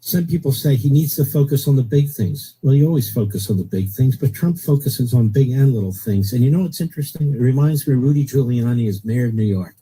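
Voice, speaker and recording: A man's voice: medium pitch, animated, fairly quick, hardly any pauses, dark tone, slightly rough, poor audio. A middle-aged man hosting a political talk radio show, blunt and opinionated, repeating his points for emphasis.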